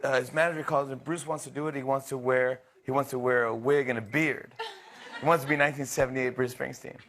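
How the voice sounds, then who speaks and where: A man in his thirties, a talk show host, telling a casual anecdote with lots of restarts, quick impressions and laughter. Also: medium pitch, steady tone, a bit bright.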